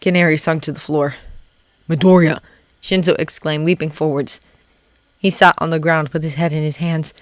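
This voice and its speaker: A fan reader narrating a story chapter with an expressive delivery. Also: medium pitch, brisk, dry recording. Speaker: fanfiction reader. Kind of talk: audiobook narration.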